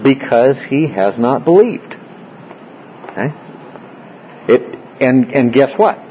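A man's voice: medium pitch, big pitch swings, takes it slowly, a little hiss or hum. Lo-fi recording of a man teaching Bible study. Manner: explanatory, asks frequent check-in questions. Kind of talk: classroom Bible study with questions to the group.

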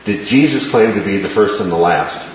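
Male Bible teacher with a low voice, explaining verses and checking in with "right?", in a boomy room with a dull, lo-fi sound. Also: animated, moderate pace. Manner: explanatory, quotes scripture, checks in with "right?" and "okay?". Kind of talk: Bible study lesson. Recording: very echoey, dull room sound with faint hiss.

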